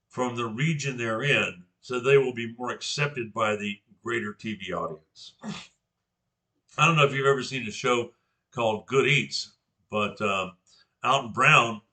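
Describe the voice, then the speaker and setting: An older man from Georgia in the US gives an informal class presentation, his medium-pitched voice carrying a sharp tone. He articulates his words carefully but often restarts.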